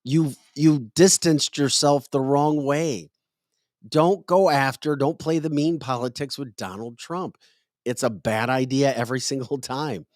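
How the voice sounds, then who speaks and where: A male podcast host talking politics in a casual, emphatic way, cracking jokes and lecturing as if scolding someone. His voice sits at an ordinary mid pitch and is recorded dry and close. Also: measured pace, darkish tone, dry recording.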